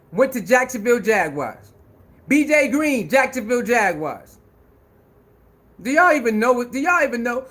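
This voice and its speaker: A man giving an animated sports rant, loud and laughing, with heavy slang and repetition. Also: very high-pitched. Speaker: sports commentator.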